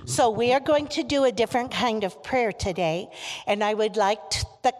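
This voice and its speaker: A woman's voice: a little high, normal speed. A woman leading a children's message in a church service, asking the kids questions and leading call-and-response lines. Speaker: children's ministry leader. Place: church sanctuary. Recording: long reverb of a church sanctuary.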